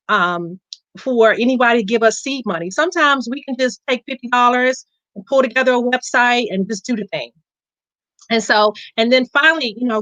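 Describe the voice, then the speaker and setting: A woman guest shares a lively testimonial in a high, bright, tense voice, laughing and repeating herself as she goes. The sound is dry and close to the mic. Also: no room sound, muffled recording. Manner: animated, laughing, repeats words. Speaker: coaching client guest. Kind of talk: casual testimonial chat.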